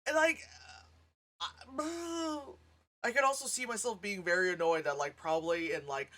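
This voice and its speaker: A woman who reviews movies gives a casual, frank reaction in an animated way, laughing often and acting out sounds and lines as she talks. Her voice sits on the low side at a normal speed.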